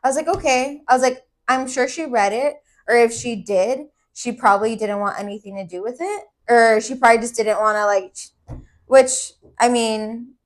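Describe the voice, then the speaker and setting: A young woman co-hosting a podcast, telling a personal story in casual chat, candid and swearing, with lots of "like" fillers. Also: medium pitch. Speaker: podcast co-host.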